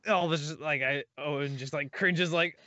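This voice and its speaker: Easygoing man, a little higher pitched. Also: normal speed, sharp tone, dull audio, a little hiss or hum. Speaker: player. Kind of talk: casual tabletop play.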